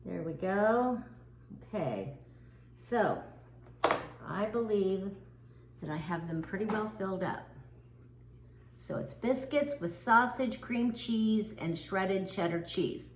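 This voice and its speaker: A woman's voice: mid-range voice, slow pace, long pauses, a little hiss or hum. An older woman chatting in a homey, casual way as she walks viewers through a cooking demo. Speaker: cooking vlogger.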